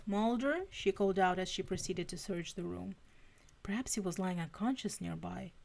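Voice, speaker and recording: A woman's voice: lowish voice, fairly even intonation, moderate pace, vocal fry. A woman reading fanfiction aloud on a live stream, stumbling and restarting now and then. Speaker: fanfiction reader.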